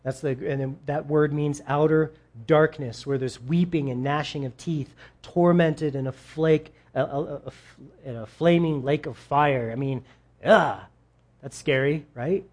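A man preaching a sermon in a casual, conversational way, acting out quoted voices with big jumps in pitch and talking straight to his audience. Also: fairly even intonation, measured pace, darkish tone. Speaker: pastor.

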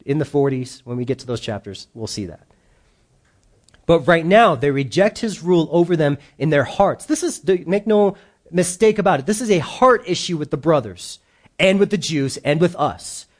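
A male pastor preaching a sermon in an animated way, acting out the quoted voices. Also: a little high.

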